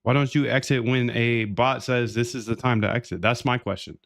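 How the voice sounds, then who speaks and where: A man's voice: medium pitch, fairly even intonation, brisk, creaky. A man talking casually while coding live, chatty and loose, repeating his own phrases and calling the listener "dude.". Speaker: coder streaming a live build.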